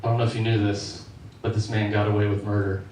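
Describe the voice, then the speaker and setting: A man's voice: lowish voice, little pitch movement, fast talker, distant mic, a crowd in the background. A male stand-up comedian performing a set on a club stage, with a casual storytelling delivery. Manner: conversational, storytelling. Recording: echoey club room, slightly off-mic.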